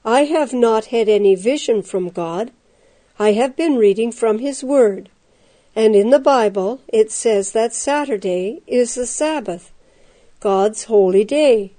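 A woman voicing a soft-spoken male prisoner who answers quietly and earnestly. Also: fairly high pitch.

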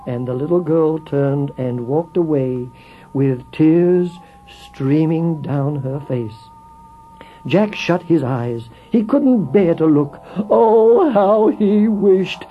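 A man narrating a children's story in an expressive voice that swells with feeling. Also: on the high side, slow. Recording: tinny phone-like with faint music.

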